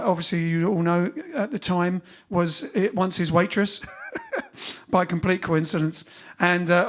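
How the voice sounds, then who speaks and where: A man's voice: high voice, fairly bright tone. A man leading a band and hosting a casual live stream, rambling and joking with lots of fillers and restarts.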